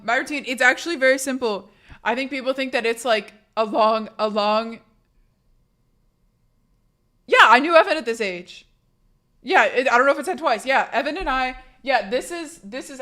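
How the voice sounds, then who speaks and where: Young female streamer, sick and hoarse, casual and blunt, swears freely, restarts sentences a lot. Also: fairly high pitch, a bit bright. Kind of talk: casual chat reading a live chat.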